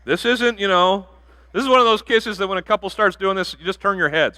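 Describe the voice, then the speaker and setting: A pastor giving a sermon in a church, animated and jokey, with bursts of loud emphasis. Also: male voice, high voice, brisk. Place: church sanctuary.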